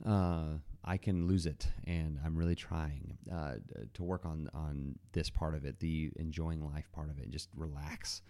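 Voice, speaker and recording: A man's voice: rumbling low, steady tone, unhurried, hardly any pauses, warm tone. A man hosting his own podcast, talking solo in a loose, rambling way with lots of fillers and restarts. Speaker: podcast host. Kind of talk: casual solo podcast monologue.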